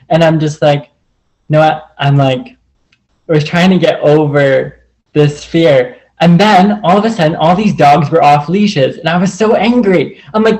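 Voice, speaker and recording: A man's voice: on the high side, normal speed, a little mellow, poor audio. A man telling a personal story in a casual, rambling way, full of "like", over a video call. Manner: rambling, heavy use of "like". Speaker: group call participant.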